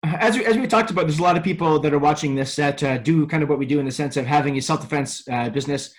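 A man's voice: fairly high pitch, quick pace. A man hosting a podcast interview, asking rambling questions that restart mid-way. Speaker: podcast host.

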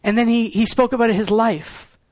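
Young male pastor, very high voice, earnest sermon delivery, dry close recording. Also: no room sound. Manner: earnest, shifts between quiet low lines and quick pointed rhetoric.

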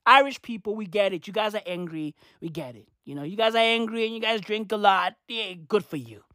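A woman's voice: medium pitch, brisk, fairly bright tone, dry recording, clean studio sound. Slangy, profane young woman ranting. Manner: slangy, profane, repetitive, laughs at own jokes. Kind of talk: profane comic rant.

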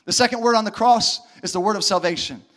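A man preaches a sermon with a strikingly high-pitched voice. He is animated and acts out the voices of the people he quotes. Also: fast talker. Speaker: pastor.

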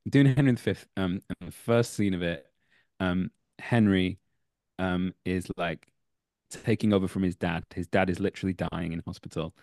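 Man, Manchester accent, low voice, dry close sound, lively storyteller, actor. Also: normal speed, no echo. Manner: animated anecdotes, laughs mid-story. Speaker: actor and acting teacher. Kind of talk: casual podcast interview, storytelling.

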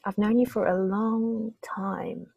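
A woman's voice: a little high, level tone, slow pace, a little mellow, husky, no echo. A middle-aged woman hosting a podcast interview, speaking in an emotional, openly moved way. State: tearing up. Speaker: podcast host. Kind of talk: heartfelt conversational interview.

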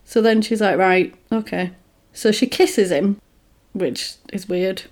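A woman chats casually at a medium pitch and slow pace, retelling a film's plot and animatedly acting out the characters' lines.

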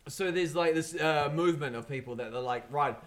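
A man hosts a casual podcast, rambling and swearing at nearly every turn. His voice is bright and sharp, sitting a little high. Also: fairly quick. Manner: profane, rambling. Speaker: podcast host.

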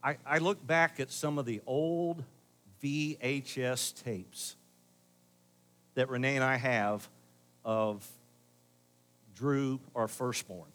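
Speaking slowly and pausing often, a middle-aged pastor with a medium-pitched male voice addresses his congregation conversationally during a sermon, moving between loud emphasis and quiet asides.

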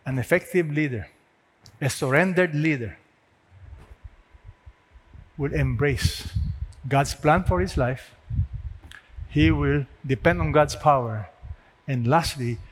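A man preaches earnestly, asking his listeners question after question and pressing to emphatic peaks. His voice sits fairly high for a man. It carries a long reverb, as in a large hall. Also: slow, long pauses, breathy edge. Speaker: pastor. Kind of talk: sermon.

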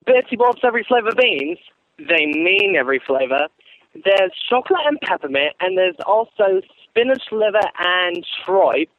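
A man from North Carolina voicing an excitable teenage boy wizard who rambles eagerly, sent in as a phone voicemail. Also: high voice, normal speed, no echo, narrow, tinny audio.

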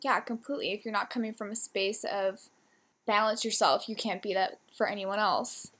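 A woman's voice: medium pitch, steady tone, normal speed, fairly bright tone, a little hiss or hum. A woman hosting a podcast, affirming her guest and asking long, winding questions. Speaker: podcast host. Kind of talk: podcast interview.

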